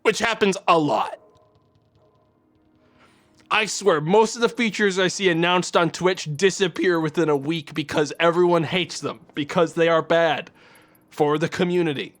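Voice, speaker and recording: A man's voice: on the high side, unhurried, fairly bright tone. A man streaming live, ranting with exasperation and heavy swearing to his chat. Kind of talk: angry live-stream rant.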